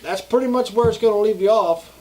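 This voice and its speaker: A man's voice: high voice, fast talker, dark tone, low-quality recording. A man with a Southern US accent co-hosting a casual chat, laid-back and swearing freely. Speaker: co-host.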